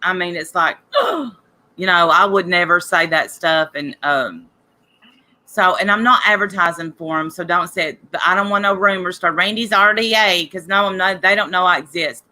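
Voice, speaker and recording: A woman's voice: lowish voice, moderate pace, pushed and bright. A woman hosting a casual talk show, rambling and gossiping to listeners while sick with a cough. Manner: rambling, chatty, addresses listeners directly. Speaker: podcast host.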